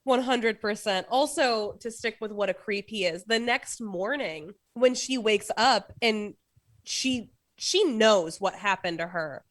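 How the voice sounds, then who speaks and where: A woman co-hosting a podcast in casual chat, measured and thinking aloud. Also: medium pitch, no room sound. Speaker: podcast co-host.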